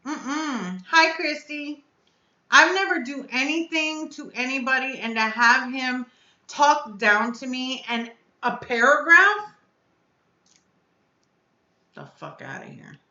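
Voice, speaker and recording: A woman's voice: high-pitched, expressive, takes it slowly, pushed and bright, roomy sound, lo-fi sound. A woman hosting her own live stream as a reviewer, upset and blunt, venting and cursing as she speaks to her chat. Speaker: vape reviewer and channel host.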